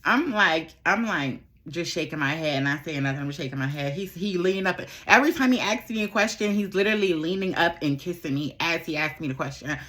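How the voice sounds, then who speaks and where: Chatty, candid young woman, lowish voice. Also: expressive, a little fast, hardly any pauses, a bit bright. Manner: chatty, candid, swears freely and repeats phrases. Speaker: vlogger. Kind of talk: casual storytime while doing makeup.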